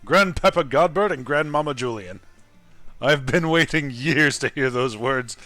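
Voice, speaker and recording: A man voicing a boisterous, jolly older nobleman in a game, reading in an excited, booming way. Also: measured pace, dry recording, faint music behind. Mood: overjoyed.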